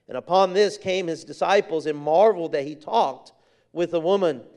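A man's voice: fairly high pitch, normal speed, darkish tone. A man preaching a sermon with fervor, repeating phrases for emphasis and reading scripture in King James wording. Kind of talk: sermon with a personal story.

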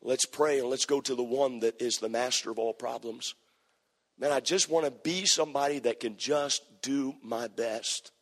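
A man preaching a sermon, telling a story with impassioned, repetitive phrasing that builds to near-shouted climaxes. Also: mid-range voice, normal speed. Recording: long hall reverb.

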